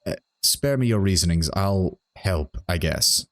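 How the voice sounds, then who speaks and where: A man's voice: low-pitched, lively intonation, measured pace. A man streaming a game, casually thinking aloud and reading out game text and stats. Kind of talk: casual gameplay commentary.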